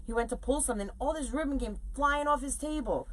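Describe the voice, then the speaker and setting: A middle-aged woman hosting a live stream, chatting to viewers in a lively, casual way while she makes a wreath bow. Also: high voice, quick pace. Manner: chatty, animated, talks to viewers while working. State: sore legs from standing. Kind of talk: casual chat while crafting on a live video.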